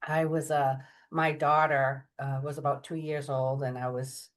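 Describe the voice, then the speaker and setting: A middle-aged woman telling her story as an interview guest, chatty and animated, acting out the voices of people she quotes. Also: extremely low pitch, a little slow. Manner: chatty, many fillers and restarts. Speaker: guest medium.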